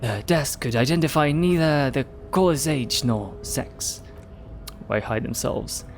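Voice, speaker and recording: A man reading aloud as a calm, reserved male police lieutenant, giving a case briefing in a measured, dry way. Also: mid-range voice, slight background noise. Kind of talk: reading game dialogue aloud.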